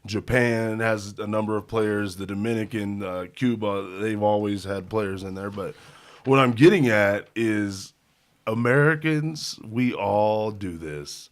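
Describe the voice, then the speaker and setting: Male podcast co-host, casual and animated, quick to laugh mid-story. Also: fairly low pitch. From Indiana. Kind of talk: casual sports podcast chat.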